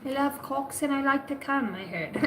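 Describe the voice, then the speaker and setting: A woman's voice: high-pitched, lively intonation, moderate pace, very noisy. Rambling, profane woman doing an intuitive reading. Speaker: spiritual reader. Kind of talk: live-stream intuitive reading. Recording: echoey room with music behind.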